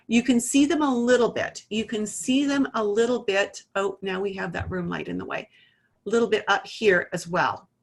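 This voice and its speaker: A woman teaching iridology, walking through a client case in a conversational way and narrating a live demonstration. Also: medium pitch. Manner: conversational, talks through a case story and adjusts a camera while speaking. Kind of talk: explanatory lesson with a live demonstration.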